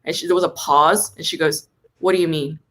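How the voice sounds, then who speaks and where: A young woman telling a comic story in a casual, exasperated rant, swearing and jumping up in pitch when indignant. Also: fairly even intonation, a little fast. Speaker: comedy podcast host.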